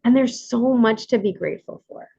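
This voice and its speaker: A woman's voice: fairly high pitch, a little fast, gravelly, warm tone, husky, dry recording. Candid woman on a muffled video call. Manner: candid, rambling, with many fillers and restarts. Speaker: workshop leader. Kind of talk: emotional personal sharing in an online workshop.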